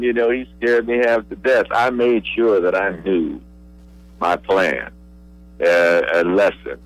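An older man from Pennsylvania, a radio guest reminiscing, pausing often with uhs and repeated words. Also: mid-range voice, no echo, low-quality recording. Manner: halting, many uhs and repeated I's. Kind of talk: relaxed reminiscing.

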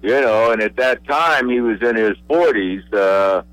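An older man from Pennsylvania, a radio guest reminiscing, pausing often with uhs and repeated words. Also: mid-range voice, a bit bright, no room sound, poor audio. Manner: halting, many uhs and repeated I's. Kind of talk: relaxed reminiscing.

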